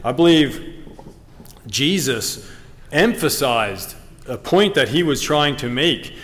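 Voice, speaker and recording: A man preaching a sermon, earnest and halting, with frequent ums and restarts, reading scripture aloud. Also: mid-range voice, expressive, a bit bright. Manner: reads scripture in King James wording. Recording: long reverb of a hall.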